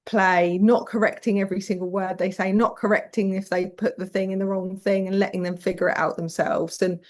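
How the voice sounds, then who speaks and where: A woman's voice: medium pitch, flat delivery, brisk. A British woman guest telling parenting stories frankly, swearing casually and acting out quoted voices. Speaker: podcast guest. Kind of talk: candid conversational storytelling.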